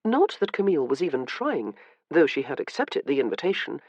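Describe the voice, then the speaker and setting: A woman's voice: low-pitched, sing-song, brisk, darkish tone, no echo, lo-fi sound. Woman narrating a historical romance. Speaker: audiobook narrator. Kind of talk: scripted narration.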